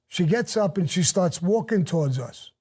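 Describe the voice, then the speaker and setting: A man's voice: high voice, animated, normal speed, a little mellow, slightly rough. An older man bluntly recounting his past in a casual, profane storytelling way, with faint music behind.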